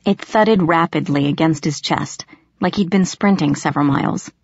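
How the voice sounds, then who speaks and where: A woman with a fairly low voice reads a first-person audiobook in a steady, expressive way. The recording is dry and close, with a slightly dull, lo-fi tone. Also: moderate pace, breathy edge, dry recording. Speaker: audiobook narrator.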